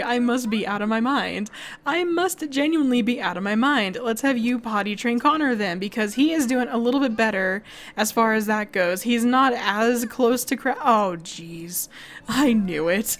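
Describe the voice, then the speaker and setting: A young woman chatting bubbly through a life-sim game as a let's play host, laughing and exclaiming often. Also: fairly high pitch. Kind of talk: casual gameplay commentary.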